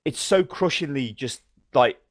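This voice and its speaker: A man co-hosting a podcast, telling game stories in a fast, animated, swearing manner. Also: mid-range voice, crowd noise. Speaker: podcast co-host. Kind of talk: casual gaming chat.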